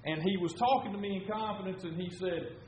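A man's voice: high-pitched, fairly quick, distant mic, slight background noise. An older man, preaching and telling a story in a folksy, rambling way that builds to fervor. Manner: folksy, rambling, grows loud and fervent. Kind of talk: sermon storytelling. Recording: roomy, dull sound.

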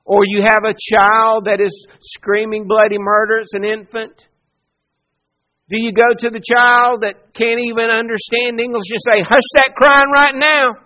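A man preaching a sermon, earnest, moving between soft hushed lines and emphatic ones. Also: sits high, flat delivery, moderate pace. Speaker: pastor.

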